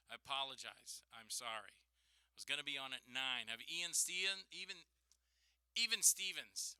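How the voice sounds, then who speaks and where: A man's voice: medium pitch, sharp tone, smooth, no room sound. A man hosting his own live radio show, telling a rambling, exasperated story and mimicking other people's voices. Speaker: host. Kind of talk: casual live radio monologue. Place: small radio studio. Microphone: studio microphone with headphones.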